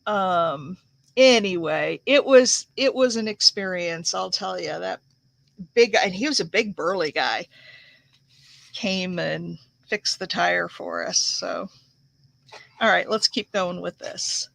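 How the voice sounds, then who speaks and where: A woman's voice: on the low side, takes it slowly, gravelly, a bit bright, dry recording. A woman from the United States hosting a crafting livestream, telling a rambling story in a casual, chatty way with many fillers while she works.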